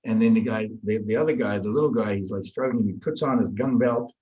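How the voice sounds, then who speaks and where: A man in casual conversation, telling a story with lively energy and frequent restarts. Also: lowish voice, a little fast, lo-fi sound. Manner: animated, lively storyteller who repeats and restarts words. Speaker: guest in a group discussion.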